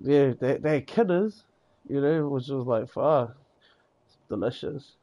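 Speaking at a measured pace in a mellow, medium-pitched voice, a gamer from New Zealand rambles in voice chat with his New Zealand accent. His talk is casual and loose, peppered with swearing and tacked-on "eh" and "bro".

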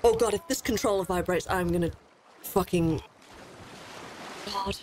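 A young woman streaming a horror game, excitable and easily scared, swearing often as she plays. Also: medium pitch, measured pace, slight background noise. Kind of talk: gaming commentary.

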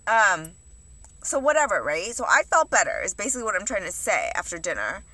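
A woman's voice: mid-range voice, big pitch swings, a little fast, pushed and bright, no room sound. A young woman vlogger rambling in a confessional, profane way, with lots of "like". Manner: rambling, profane, heavy use of "like". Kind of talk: confessional eating vlog talk.

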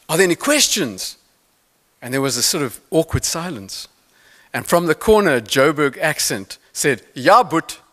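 A man giving a keynote talk on mental toughness, telling stories with playful asides to the audience. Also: fairly high pitch. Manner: animated storytelling with playful asides. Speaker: motivational speaker.

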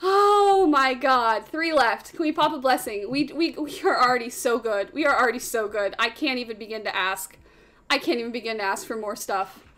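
A young woman streaming a game, squealing with excitement and repeating phrases over and over. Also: on the high side, normal speed, a little hiss or hum. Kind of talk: excited live-stream commentary. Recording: slightly off-sounding stream audio.

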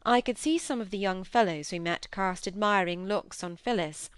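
A woman narrating a classic novel as an audiobook reader, with measured, even reading. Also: medium pitch, clear, resonant tone, dry recording.

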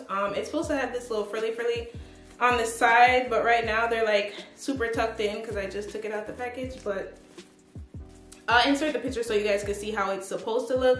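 A fashion vlogger with a slightly high voice chats casually through a try-on clothing haul, upbeat and loose, peppering her talk with "like" and "but yeah," and sounding out of breath. A tripod camera records her in a reverberant room, with faint music under her voice.

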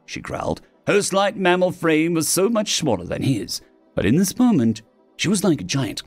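A man narrating a science fiction story in an expressive, scripted way. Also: on the high side, normal speed, dry recording. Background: faint music.

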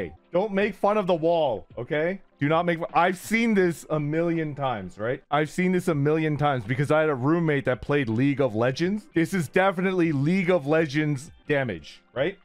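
Lively, laughing male streamer. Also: on the high side. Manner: rambling, laughs often, filler-heavy. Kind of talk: casual chat.

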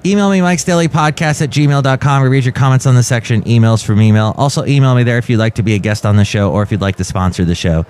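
A man's voice: mid-range voice, darkish tone, a little hiss or hum. A man hosting his own podcast, running through plugs and links, then chatting with guests at home. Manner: reads show plugs in a quick promotional run. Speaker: podcast host. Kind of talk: casual podcast chat.

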